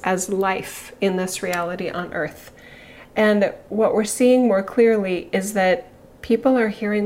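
A middle-aged woman spiritual teacher speaking slowly and haltingly, emotional and near tears, with pauses and sighs. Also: medium pitch, darkish tone. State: emotional, tearful. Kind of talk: reflective spiritual talk.

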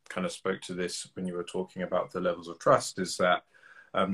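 A man's voice: sits low, a bit bright, slightly rough. A man with a British accent hosting a conversational podcast interview, asking questions in a friendly way and thanking supporters. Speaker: podcast host.

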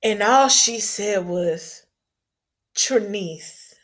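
Speaking at a fairly high pitch, a woman shares a personal story with an audience. Her manner is blunt and casual; she stops and starts, repeats her words, and swears a little.

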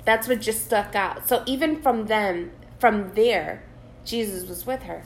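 A woman co-hosts a casual faith podcast, speaking at medium pitch and an unhurried pace. She talks earnestly and reads Bible verses aloud with emotion, in an echoey room with slight background noise.

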